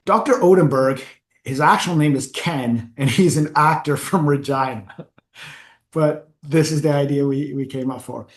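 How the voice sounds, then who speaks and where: A man giving a lively, anecdotal talk as a forum founder, laughing at his own stories and clearing his throat often. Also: a little high, measured pace. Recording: echoey room.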